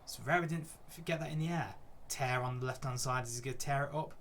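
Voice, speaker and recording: A man's voice: medium pitch, fast, a bit bright, a little hiss or hum. A young man casually commentating on his football management game, chatty and easily exasperated by poor play. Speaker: gaming YouTuber. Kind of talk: gameplay commentary.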